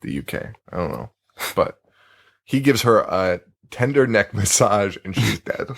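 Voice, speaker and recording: Low-voiced laughing male podcast host. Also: expressive, a little slow, gravelly. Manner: laughs often while talking, loose and rambling; swears casually. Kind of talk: casual chat.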